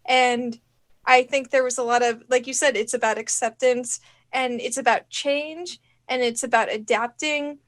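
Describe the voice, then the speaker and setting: High-voiced thoughtful woman podcaster. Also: fairly even intonation, moderate pace, fairly bright tone. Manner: thoughtful, reflective. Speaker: podcast co-host. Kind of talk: casual review chat.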